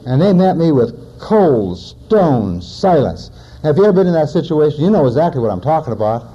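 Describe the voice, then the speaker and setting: A man's voice: a little high, animated, racing, warm tone, lo-fi sound. A man in his forties, a recovering alcoholic, giving a personal testimony in a plainspoken storytelling manner with wry humor. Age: 40s.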